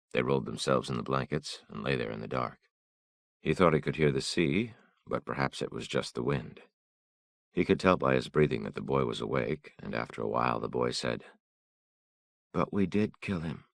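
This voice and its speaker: A man narrates an audiobook in a measured, somber way. His voice is extremely deep and gravelly, recorded close and dry. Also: fairly bright tone, dry recording.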